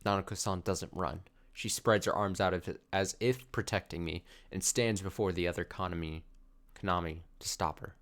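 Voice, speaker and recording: Let's-play host: low-voiced man, reads the game text, sarcastic asides. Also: fairly even intonation, normal speed, fairly bright tone. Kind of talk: reading game dialogue aloud with commentary.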